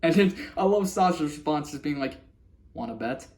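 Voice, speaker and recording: A man's voice: fairly high pitch, brisk, darkish tone. Rambling man recapping a cartoon. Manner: rambling, with frequent restarts and laughs. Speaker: vlogger reviewing a cartoon episode. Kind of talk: casual spoken recap.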